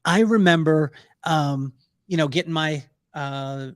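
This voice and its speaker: A middle-aged man, a podcast guest, telling stories in a casual, animated way, laughing often and acting out the voices of people he quotes. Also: on the high side, slow pace, dry recording, clean studio sound. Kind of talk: storytelling in a casual interview.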